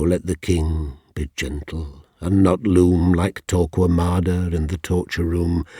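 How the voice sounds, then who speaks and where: Male poet, husky, unhurried delivery. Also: low voice, a little mellow, dry recording, clean studio sound. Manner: slow, deliberate, dropping to near-whispers. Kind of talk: poetry reading.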